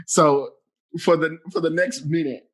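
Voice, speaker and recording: A male podcast host with a husky voice and a very lively pitch. He chats playfully, laughs often, and repeats words as he winds up. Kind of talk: casual chat.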